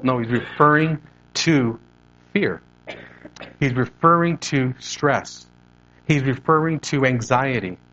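Animated preaching man, slightly muffled. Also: medium pitch. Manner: animated preaching with hand gestures. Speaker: pastor. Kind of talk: sermon.

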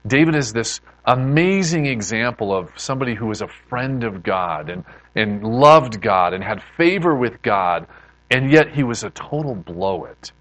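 A man preaching a sermon in a lively, conversational way, often restarting his sentences. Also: medium pitch, normal speed, no echo, low-quality recording. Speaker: pastor.

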